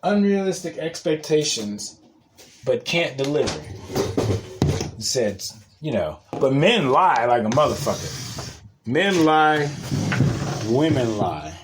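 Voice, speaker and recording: A man's voice: mid-range voice, big pitch swings, slow pace, long pauses, noisy background. A young man giving a casual, profane, rambling monologue and laughing often. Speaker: podcast host.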